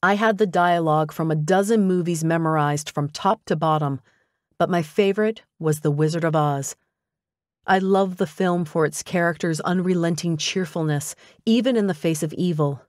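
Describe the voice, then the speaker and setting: A woman reading a first-person audiobook in an expressive, conversational way. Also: fairly low pitch, moderate pace, dry recording, studio quality. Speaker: audiobook narrator.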